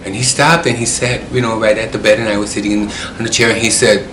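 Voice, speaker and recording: A man recounts a personal story in a rambling, repetitive way. His voice sits fairly low. The room echoes, with faint ambience behind him. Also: little pitch movement, fast, few pauses, background noise. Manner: rambling, repeats himself.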